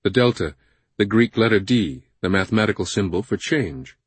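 A man narrating a thriller audiobook in a measured, suspenseful way on a close studio microphone. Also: on the low side, animated, slightly rough, no room sound.

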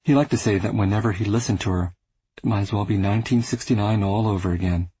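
A man reading a first-person literary audiobook, measured and restrained. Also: fairly low pitch, mellow, husky, low-quality recording. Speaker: audiobook narrator.

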